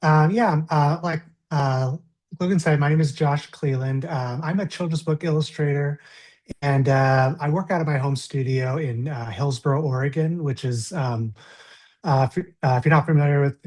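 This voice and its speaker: A man's voice: on the high side, moderate pace, a little mellow. A man, a children's book illustrator, introducing himself on a video call with frequent ums and uhs. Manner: hesitant, many ums and uhs. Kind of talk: casual self-introduction.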